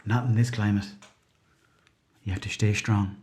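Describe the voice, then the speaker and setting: A man's voice: lowish voice, normal speed, warm tone. A man with an Irish accent hosting a comedy podcast in a rambling, chatty, self-mocking monologue. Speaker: podcast host.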